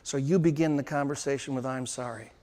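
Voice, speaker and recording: A man giving a sales training seminar to a live room, emphatic and slowing down to drive home his points. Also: mid-range voice, fairly even intonation, warm tone. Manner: emphatic, slows down to stress points. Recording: long hall reverb.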